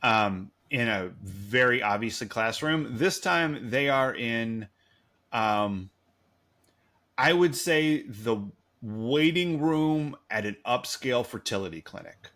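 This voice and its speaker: Man, bright voice, casual podcast recap, rambling, sarcastic, swears. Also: medium pitch, lively intonation, takes it slowly. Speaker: podcast co-host.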